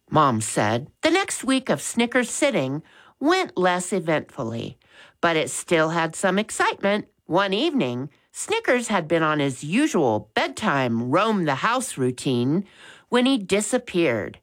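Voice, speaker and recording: A woman reads a children's storybook aloud in a gentle, expressive way. Her pitch rises and falls a great deal, and she takes her time. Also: unhurried. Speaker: narrator. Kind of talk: storybook reading.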